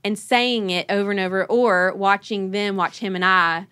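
A bright, clear-voiced woman tells family stories in a relaxed chat. She laughs a lot and slips into her kids' voices. The sound is dry and close. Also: mid-range voice, normal speed, dry recording. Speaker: podcast host. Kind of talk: casual conversational storytelling.

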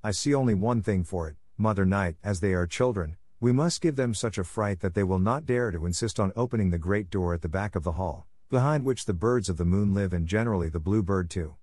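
A man reading as a soft-voiced scheming cat. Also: sits low, a little fast, hardly any pauses, no room sound. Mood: persuasive. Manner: soft, coaxing.

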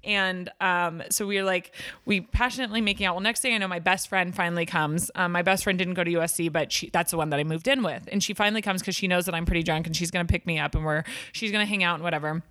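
A young woman tells a story in a relaxed podcast chat. She rambles and uses "like" all the time, and she stays lively as she retells what happened. Her voice is bright and forward, and it is recorded close and dry. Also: lowish voice, fast talker, no echo. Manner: chatty, many "like" fillers, animated retelling. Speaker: guest storyteller.

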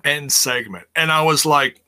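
Bright-voiced man recapping wrestling, slow. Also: on the high side. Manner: chatty, exasperated, reads chat aloud. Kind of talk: casual live-stream chat.

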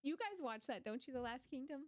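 A woman co-hosting a podcast in casual chat, telling stories with lively acted-out quotes and free swearing. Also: high-pitched, brisk, no echo, clean studio sound. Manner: animated storytelling, swears freely. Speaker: podcast co-host.

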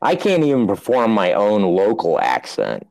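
A man's voice: fairly low pitch, wildly swooping pitch, normal speed, gravelly, a little mellow. An American man co-hosting a podcast, self-mocking and swearing, just woken up. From United States. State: just woke up. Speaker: podcast co-host. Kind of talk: casual banter.

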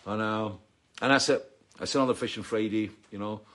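A man's voice: on the low side, steady tone, a little fast, fairly bright tone. A middle-aged man with a Scottish accent, hosting a weekly video chat and ranting with plenty of swearing. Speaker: vlog host.

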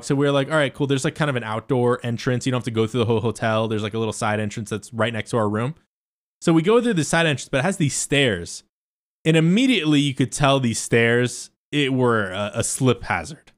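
A man, a stand-up comedian, casually telling a rambling story, swinging between loud asides and muttered remarks with loose, profane phrasing. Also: mid-range voice, expressive, a little fast. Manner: loose and profane, lots of fillers and restarts.

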